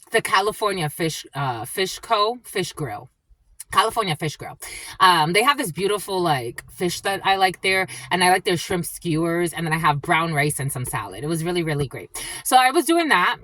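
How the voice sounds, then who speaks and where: Woman reader, chatty and blunt, lots of swearing, very lively pitch, dry recording. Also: dry recording. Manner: blunt, profane, animated retelling; addresses listeners as "my lovies". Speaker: spiritual reader. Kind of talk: casual storytelling monologue.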